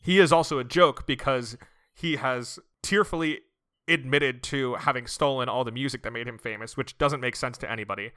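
A man's voice: mid-range voice, moderate pace, sharp tone, smooth. A man co-hosting a film-review podcast who critiques the movie analytically and says "like" a lot. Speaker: podcast co-host. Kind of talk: casual film-review chat.

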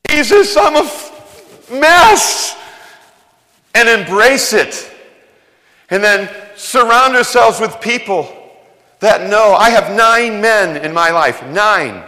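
A man's voice: high voice, expressive, a little slow, sharp tone. A man preaching a sermon as pastor, emphatic and conversational, firing rhetorical questions at his congregation in a church. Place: church sanctuary. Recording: long hall reverb.

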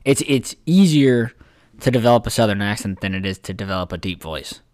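A man's voice: fairly low pitch, lively intonation, brisk, darkish tone, dry recording, clean studio sound. A man in casual podcast chat, loose and joking, swearing freely.

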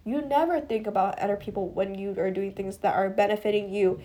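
A woman's voice: medium pitch, a little fast, dark tone. A young woman, hosting a podcast and giving casual, rambling advice to listeners she calls guys, full of "like" and "you know". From US East Coast. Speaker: podcast host.

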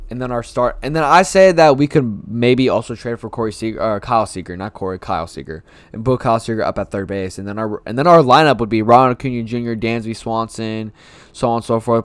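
Smooth-voiced man in fan sports talk. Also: medium pitch, no echo. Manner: rambling, repeats himself, frustrated fan. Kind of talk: casual solo sports talk.

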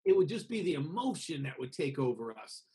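Expressive American man teaching about voice. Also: fairly high pitch, fairly quick. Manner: expressive, acts out voices to make points. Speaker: singing teacher being interviewed. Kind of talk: conversational interview over a call.

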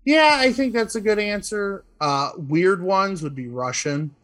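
A man's voice: high voice, animated, measured pace, a bit bright. A man in casual conversation who asks questions and chimes in easily. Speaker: podcast co-host asking questions. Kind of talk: casual chat.

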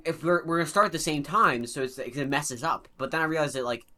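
A man's voice: fairly high pitch, fast, bright, forceful tone. A young man hosting a podcast in casual chat, rambling and laughing. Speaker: podcast host.

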